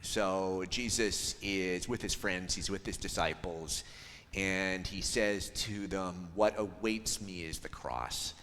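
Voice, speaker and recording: A man preaching a sermon as a pastor, in a conversational, thoughtful way with frequent ums and pauses. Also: low-pitched, fairly bright tone, big-room sound, slight background noise. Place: church.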